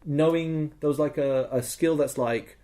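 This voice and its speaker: A man's voice: on the high side, steady tone, a little slow, mellow. A young man talking as a podcast guest in casual chat, rambling and enthusiastic, swearing freely.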